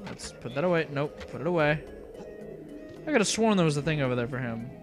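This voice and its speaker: A man's voice: a little high, expressive, fairly quick, music in the background. A young man giving casual, rambling commentary while playing a video game, often trailing off into mutters. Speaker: let's play host.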